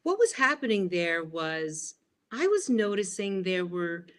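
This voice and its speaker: A woman in her fifties, an interview guest, telling childhood stories in an animated way and acting out the voices in them. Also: mid-range voice, a little slow. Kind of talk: storytelling interview.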